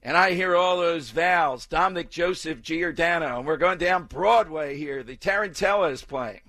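A man's voice: on the high side, moderate pace, bright, forceful tone, no room sound. A male talk radio host, brash and opinionated, chatting with his crew and callers.

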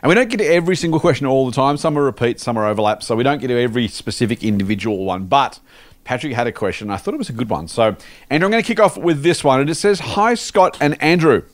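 Podcast host, man, chatty and jokey, animated delivery, dry studio sound. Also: mid-range voice, racing, no room sound. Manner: jokey, conversational, lots of fillers. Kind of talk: casual podcast chat reading listener mail.

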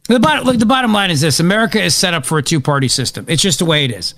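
A man hosting live political talk radio, excitable and opinionated, rambling as he reacts to events. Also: sits high, very fast, dry recording. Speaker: radio talk show host.

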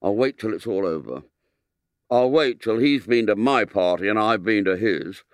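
A man's voice: on the low side, lively intonation, moderate pace, clean tone, dry recording, studio quality, lightly acted. A man voicing a stubborn schoolboy with tempestuous outbursts, reading aloud from a storybook. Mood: grudging. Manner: indignant outbursts.

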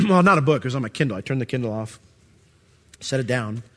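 A man's voice: mid-range voice, expressive, fast talker. Man preaching in a reverberant hall. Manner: conversational preaching, acts out voices of God and listeners. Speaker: pastor. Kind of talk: sermon. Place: church sanctuary.

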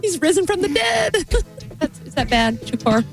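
High, laughing female radio co-host. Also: sing-song. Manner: quick quips and frequent laughter. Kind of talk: casual banter. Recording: music clearly playing behind.

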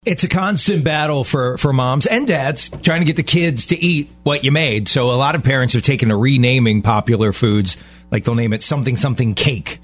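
A middle-aged man co-hosting a radio show, chatting in an animated, joking way. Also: medium pitch, brisk. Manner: animated, joking, mock-jealous. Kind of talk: casual radio banter.

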